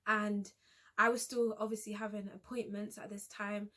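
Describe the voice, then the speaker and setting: A young woman vlogger telling a personal story in a hesitant, halting way, often restarting her sentences. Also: mid-range voice, level tone, bright, forceful tone. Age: young adult.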